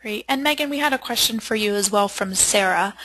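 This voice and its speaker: A woman moderating a webinar, relaying viewer questions in a brisk, upbeat way. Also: mid-range voice, a bit bright, low-quality recording.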